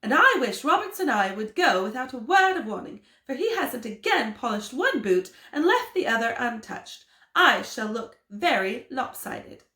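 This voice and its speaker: A stuffy, penny-pinching English father in a storybook, played by a woman reading aloud, grumbling in a put-on British accent. His voice sits lower than hers and still swings widely with each complaint. The room around it sounds roomy and echoey. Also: very animated, normal speed, few pauses, sharp tone. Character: pompous, fussy, stingy middle-aged English father. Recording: roomy echo.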